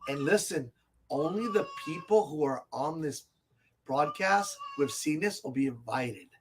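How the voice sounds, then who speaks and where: A man hosting a casual live tabletop gaming show from a comic and game shop, talking in a rambling, excitable way and laughing often. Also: a little high, a little slow, noisy background. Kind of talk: casual live stream chat.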